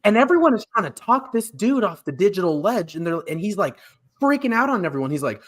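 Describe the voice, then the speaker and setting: A male podcast host who chats casually and rambles through his stories. His pitch rises and falls a lot, giving him a lively sound. He pokes fun at himself and laughs easily. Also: brisk. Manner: rambling, self-mocking, laughs often. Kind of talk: casual pop culture chat.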